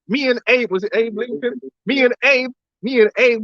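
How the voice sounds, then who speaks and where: A man gives an impassioned, emphatic lecture and keeps pressing his listeners with rhetorical questions. His voice sits very high for a man. The recording is dry and dull, with little room sound. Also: moderate pace, a bit bright, no room sound.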